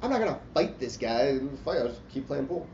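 A man's voice: mid-range voice, very animated, a little fast, darkish tone. A man telling a long, profane story in casual chat, rambling and self-mocking and full of "like". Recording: roomy, dull lo-fi sound with faint hiss.

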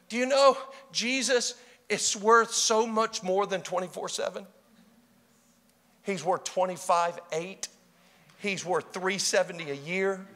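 A man preaching a sermon, swinging from hushed, intimate passages to loud, shouted exclamations. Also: sits high, long reverb tail.

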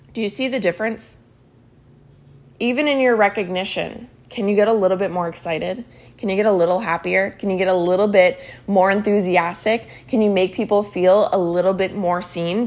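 A woman's voice: medium pitch, moderate pace. A woman hosting a motivational podcast, talking energetically and often tagging her points with "right?". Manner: energetic, repeats phrases, says y'all and right. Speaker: podcast host and team leader. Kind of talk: motivational solo podcast talk.

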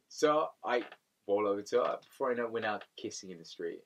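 A man's voice: fairly low pitch, racing, distant mic, slight background noise. A man co-hosting a casual podcast, animatedly telling a story and acting out what people said. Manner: animated storyteller, acts out quotes. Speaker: podcast co-host.

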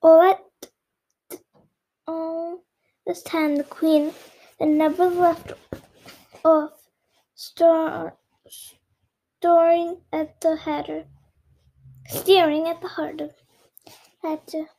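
A child reading a storybook aloud, slow and careful, stumbling and repeating words now and then. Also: very high voice, flat delivery, vocal fry, warm tone, poor audio. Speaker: reader.

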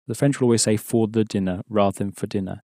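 A man's voice: fairly low pitch, steady tone, fast, warm tone, no room sound, studio quality. A man teaching an audio language course, patiently explaining and prompting the learner to answer.

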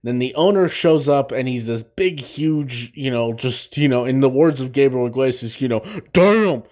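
A young man hosts a podcast, recapping an episode in a warm, mid-range voice at normal speed. His delivery is rambling and casual, packed with fillers and restarts, and he laughs at his own jokes.

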